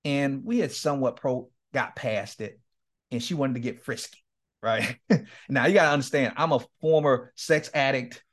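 Appearing as a podcast interview guest, this middle-aged men's ministry leader and guest speaker has an average male pitch and normal speed. He shares candid stories energetically, laughing often and performing both sides of remembered conversations.

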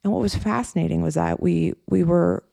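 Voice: medium pitch, steady tone, brisk, creaky, mellow, no echo, studio quality. A coach hosting a podcast, talking in a loose, conversational way with frequent "you know" and "right?" asides. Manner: conversational, many fillers and tag questions. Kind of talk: casual podcast monologue.

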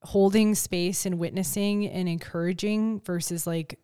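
A woman hosting a casual podcast chat close to the mic, animated and acting out quoted lines. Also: fairly low pitch, a little slow, smooth. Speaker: podcast host. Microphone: close studio mic.

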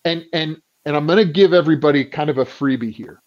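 A man talking as a business coach in a casual podcast conversation, acting out the people he quotes and often clearing his throat. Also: fairly high pitch, quick pace, dull audio. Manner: animated storyteller who acts out quoted people.

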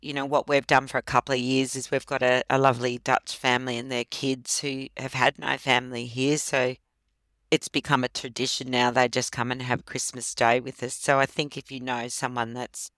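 A woman's voice: very deep voice, little pitch movement, normal speed, fairly bright tone, no echo. A woman guest in a casual interview, talking through a laughter exercise and laughing often.

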